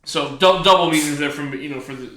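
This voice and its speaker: A man co-hosting a podcast, chatting about wrestling as an eager fan, halting with many fillers. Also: a little high, bright, forceful tone, roomy sound. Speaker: podcast co-host. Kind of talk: casual wrestling chat.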